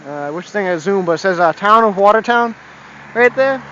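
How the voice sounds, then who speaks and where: A young man with a high-pitched voice rambles through a casual vlog, swearing often and laughing at his own complaints. He drifts from story to story without much structure. The audio is dull and lo-fi, with faint background noise. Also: expressive, normal speed, bright, forceful tone. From Massachusetts. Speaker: vlogger.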